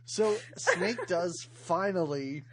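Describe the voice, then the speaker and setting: A podcast co-host in a casual movie chat, joking and quick to laugh. The voice sits in a middle pitch with lots of swing up and down, over a faint hum. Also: animated, fairly bright tone.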